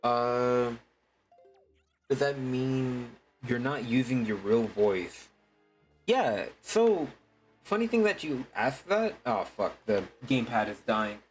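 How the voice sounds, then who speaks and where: A man's voice: medium pitch, lively intonation, soft background music. A man streaming live, chatting casually in a put-on streaming voice, rambling with many restarts and curses. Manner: uses a deliberately put-on streaming voice. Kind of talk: casual livestream chat.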